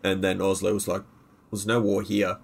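A gravelly, husky man from Norway, a podcast guest in casual chat. His speech is halting and full of fillers, and his voice sits low. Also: little pitch movement.

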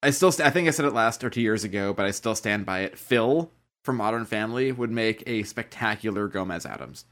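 A man co-hosting a casual podcast chat, telling animated stories and swearing freely. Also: fairly low pitch, a little fast. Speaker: podcast co-host.

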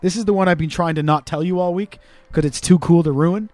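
A man hosting a podcast and telling a comic anecdote in a casual, profane, animated way. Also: fairly high pitch, brisk, no echo. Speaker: podcast host. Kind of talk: casual storytelling chat.

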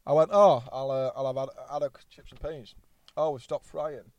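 A man's voice: mid-range voice, fairly even intonation, normal speed, darkish tone. A man, a podcast guest telling rambling anecdotes bluntly and swearing freely. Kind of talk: casual storytelling chat.

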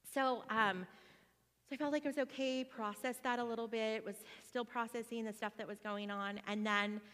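A woman's voice: fairly high pitch, fairly even intonation, moderate pace, a bit bright. Chatty woman in a reverberant room. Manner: rambling, with many fillers and restarts. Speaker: single mom sharing a testimony. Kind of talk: casual personal storytelling.

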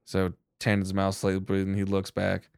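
A man narrating a tabletop role-playing game as game master, in a relaxed, joking manner. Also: low voice, normal speed, creaky, smooth, no echo, studio quality.

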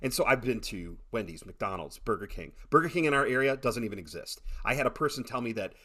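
A middle-aged man chatting casually on a podcast, telling animated stories with many repeated starts. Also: medium pitch, fast. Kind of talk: casual chat.

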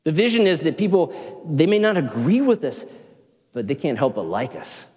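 A man with a Southern accent, a pastor preaching a sermon in an animated, conversational way with self-deprecating asides. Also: on the high side, normal speed. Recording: long hall reverb.

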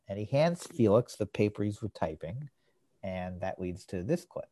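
A man co-hosting a podcast, recapping an old sitcom episode in a relaxed, explanatory way. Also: medium pitch, normal speed, no echo, studio quality. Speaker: podcast co-host. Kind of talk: casual chat, recapping an episode.

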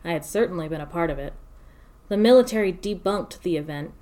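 A woman narrates a first-person story in a fairly low voice. Her delivery is steady and measured, with lines laid out one at a time.

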